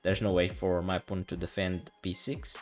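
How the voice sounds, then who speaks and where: A young man casually recapping his own chess tournament game, telling the story in an animated, exasperated way full of slang and acting out what was said. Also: low-pitched, a little fast, soft background music. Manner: animated, exasperated, slangy, acts out quoted lines.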